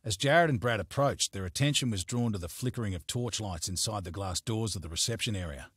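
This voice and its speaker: A man narrating a crime novel as an audiobook in a steady, measured storytelling manner, recorded on a close studio mic. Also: fairly low pitch, husky, no echo.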